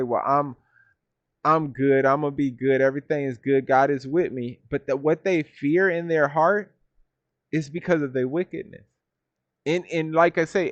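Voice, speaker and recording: A man's voice: fairly high pitch, no room sound, lo-fi sound. A man teaching scripture from home. He reads verses, looks up word meanings and keeps checking in with "right?". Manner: reads verses then defines words, repeats "right?". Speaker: Bible teacher. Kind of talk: scripture study talk.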